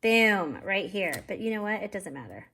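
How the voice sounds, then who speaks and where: A woman's voice: mid-range voice, big pitch swings, moderate pace, vocal fry, sharp tone, slight background noise. A woman hosting a casual card-making tutorial, chatty and self-deprecating, talking straight to viewers while she works and sounding a bit out of breath.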